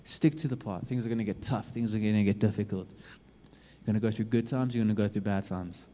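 A man preaching a sermon in a low, mellow voice. He urges his listeners earnestly and repeats himself, dropping to a hush and then swelling up again. His words ring out with the long reverb of a large hall. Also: fairly even intonation, a little fast. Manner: earnest, repetitive urging with sudden loud and hushed swings. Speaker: youth preacher.

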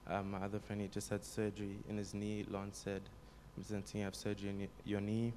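Young man, low and flat, telling a testimony, faint room noise behind. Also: a little fast. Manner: plain, storytelling, frequent ums. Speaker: congregation member giving a testimony. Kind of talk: spoken testimony.

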